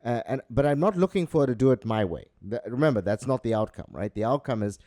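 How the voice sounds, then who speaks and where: Man, podcast co-host, casual rambling chat, warm mellow tone, dry close sound. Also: mid-range voice, lively intonation, no echo. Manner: rambling, halting storyteller.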